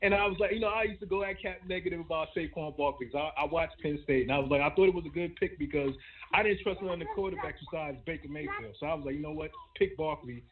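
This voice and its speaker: Angry cursing man, caller, high-pitched voice, tinny phone line. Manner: furious, profane, fast-talking. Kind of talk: angry call-in rant.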